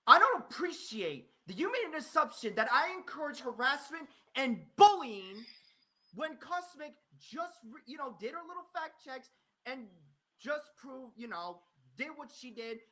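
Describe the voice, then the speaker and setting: A man's voice: extremely high pitch, big pitch swings, normal speed, bright, forceful tone. A man ranting angrily on a live stream, swearing often and repeating himself. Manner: angry, profane, repeating himself. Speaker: streamer confronting a critic. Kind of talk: heated live-stream rant.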